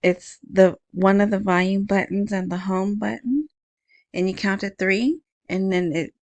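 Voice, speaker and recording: A woman with a soft, small voice hosting a casual solo podcast, chatting in a rambling way into a wired earbud mic. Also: mid-range voice, unhurried, no room sound. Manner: rambling, chatty, self-interrupting. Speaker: podcast host.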